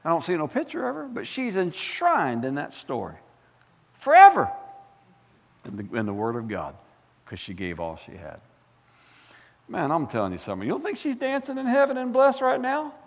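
A male pastor preaching with fire, his voice climbing and plunging all over the place. His tone has a gravelly edge, and it rings out with a long reverb from a church sanctuary. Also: on the high side, brisk. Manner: fired-up, animated preaching with folksy asides and repetitions. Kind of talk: sermon.

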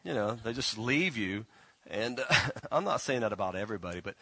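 A man's voice: on the low side, animated, pushed and bright, breathy edge, dry recording. A man preaching a casual sermon, folksy and teasing, often restarting and stumbling over his words. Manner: folksy, teasing, halting with many restarts and fillers. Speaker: pastor. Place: church.

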